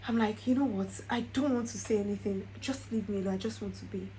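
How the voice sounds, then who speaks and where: A woman's voice: mid-range voice, fast talker, warm tone, slight background noise, rough recording. A young woman, telling a personal story in a casual vlog and laughing often. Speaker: vlogger.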